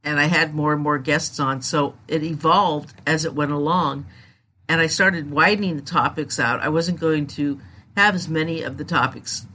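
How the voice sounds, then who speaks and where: A woman's voice: low-pitched, bright, forceful tone. A woman hosting her own podcast, talking candidly and in a rambling way about her show. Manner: candid, rambling, self-deprecating. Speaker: podcast host. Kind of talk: casual solo podcast talk.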